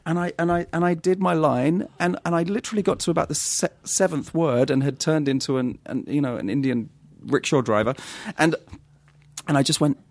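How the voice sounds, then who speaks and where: English man telling animated stories. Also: a little high, fairly quick, vocal fry, dry recording. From England. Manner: animated anecdotes with frequent laughs and restarts. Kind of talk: casual chat, storytelling.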